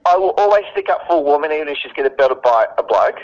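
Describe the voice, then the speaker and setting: A man's voice: on the high side, expressive, quick pace, darkish tone. A man in casual chat, blunt, profane and emphatic. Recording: dull lo-fi recording.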